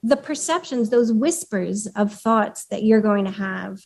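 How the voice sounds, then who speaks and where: A woman's voice: mid-range voice, animated, measured pace, gravelly, a little mellow. Woman giving a talk at a meeting, chatty, lots of ums, asks the room questions. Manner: conversational, with fillers and audience questions. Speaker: speaker at a chapter meeting. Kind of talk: live presentation to a small audience. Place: meeting room with a live audience.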